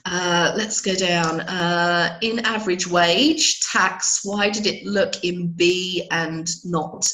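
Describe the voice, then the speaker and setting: A woman with a hoarse voice teaching spreadsheet functions in a live webinar, patiently checking in with her listeners. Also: on the low side, fairly even intonation, slow pace, few pauses, fairly bright tone, echoey room, a little hiss or hum, low-quality recording. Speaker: Excel trainer.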